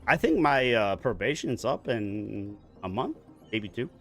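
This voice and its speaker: A man's voice: mid-range voice, very animated, measured pace, faint music behind. A man in his forties chatting casually while gaming online, telling a long, profane story from work in a rambling way. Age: 40s. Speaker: gaming streamer.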